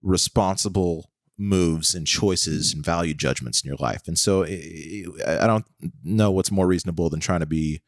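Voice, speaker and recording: Low-voiced American man, thirties, rambling podcast co-host, dry close sound. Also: normal speed, no room sound. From United States. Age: 30s. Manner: rambling, full of "like" and "okay", spins comic what-if scenarios. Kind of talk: casual chat.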